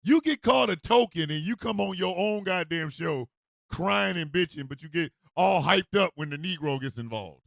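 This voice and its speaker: A male host rants comedically on his radio show, loud and animated. His voice sits high and gravelly. The sound is close and dry. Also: moderate pace, no echo. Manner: animated, loud, laughs often, acts out street calls. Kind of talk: comedic commentary rant.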